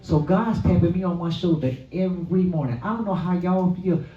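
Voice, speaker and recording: A man's voice: high voice, fairly quick. Man giving testimony in an echoey hall. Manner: storytelling, preacher-like, rising to exclamations. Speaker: guest speaker. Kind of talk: personal testimony. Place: event hall at a luncheon. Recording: echoey room from far off, dull sound.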